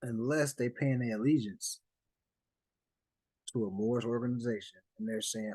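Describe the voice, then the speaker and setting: A man's voice: medium pitch, normal speed, a little mellow, slightly rough, dry recording, low-quality recording. A man presenting a document to a study group in a casual, conversational way, with asides, restarts and direct address. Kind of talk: casual explanatory talk over slides.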